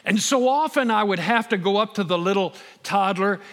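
A middle-aged man preaching a sermon as pastor, emphatic and building to loud peaks. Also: high voice, moderate pace, long reverb tail.

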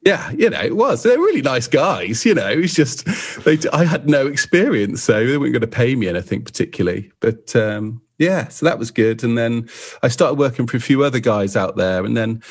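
A middle-aged man from England tells rambling, self-deprecating stories in a relaxed podcast chat. His voice is gravelly with a husky edge, and he breaks into the voices of people he's quoting. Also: mid-range voice, a little fast. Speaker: podcast guest and co-host photographer. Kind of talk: casual storytelling chat.

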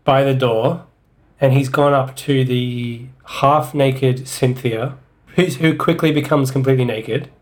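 A man's voice: mid-range voice, steady tone, a little slow, darkish tone. Name: none. Sex: man. Role: dry-toned podcast co-host. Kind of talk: comedic book discussion and reading aloud.

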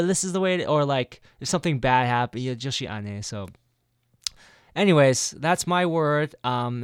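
A man's voice: mid-range voice, smooth, dry recording, studio quality. A man co-hosting a podcast in casual chat, rambling with many fillers and restarts. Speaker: podcast co-host.

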